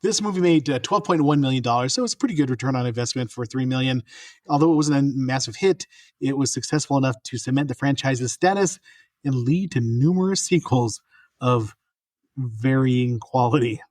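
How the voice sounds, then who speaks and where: A man's voice: mid-range voice, fairly quick, a little mellow, dry recording, studio quality. A middle-aged man from New Mexico, co-hosting a casual movie podcast, rambling and laughing often as he trails off and restarts. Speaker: podcast co-host. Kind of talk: casual chat.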